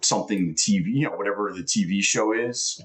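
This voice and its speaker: A man's voice: on the low side, brisk, a crowd in the background. A man chatting casually on a live trading stream, blunt and dismissive, with plenty of swearing.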